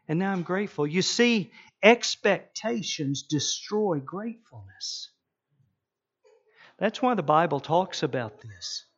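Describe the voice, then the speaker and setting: A middle-aged man preaches in an animated storytelling way, slipping into acted-out voices. His voice sits a bit high for a man. The recording sounds muffled and lo-fi. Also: measured pace. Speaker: pastor. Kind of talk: sermon.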